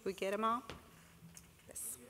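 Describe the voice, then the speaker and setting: A woman's voice: medium pitch, steady tone, unhurried, bright, forceful tone, a little hiss or hum. A woman on stage presenting certificates at a conference, calling out names one by one with a few slips and restarts. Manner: calls out names and sites, some slips and restarts. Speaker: awards presenter. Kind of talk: slow announcing of names at a conference. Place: large conference hall with an audience. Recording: distant echoey hall, crowd murmur.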